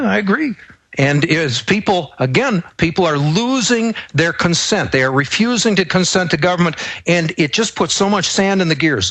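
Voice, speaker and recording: A man with a fairly high voice speaking as a talk-show guest. He lays out his argument calmly, point by point. The sound is dry and close. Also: dry recording. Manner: measured, explanatory, argues step by step. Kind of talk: political talk show discussion.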